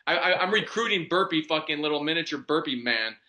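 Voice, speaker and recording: A man co-hosting a podcast, his voice bright and forceful and a little higher than most men's. He talks bluntly with lots of swearing and laughs easily. The recording has a noticeably echoey room sound. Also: animated, fast talker. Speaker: podcast co-host. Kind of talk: casual podcast chat.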